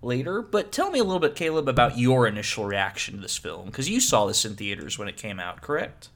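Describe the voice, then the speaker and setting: A man's voice: mid-range voice, very animated, fairly quick, a bit bright. A man hosting a casual podcast chat about films, upbeat and laughing often. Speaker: podcast host.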